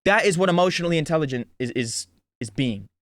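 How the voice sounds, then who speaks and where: A man's voice: a little high, expressive, quick pace, dry recording, clean studio sound. A man in his twenties with an earnest, casual way of talking who gives life advice in a vlog, full of "like" and restarts. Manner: earnest, talks with lots of "like" and restarts. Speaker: vlogger. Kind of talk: casual motivational monologue.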